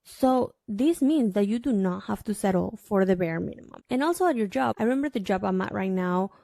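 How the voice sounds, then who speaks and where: A woman's voice: mid-range voice, lively intonation, fairly quick, vocal fry, warm tone, no echo, studio quality. A woman hosting her own solo podcast, talking in a chatty, emphatic way straight to the listener. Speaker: podcast host. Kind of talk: casual solo podcast monologue.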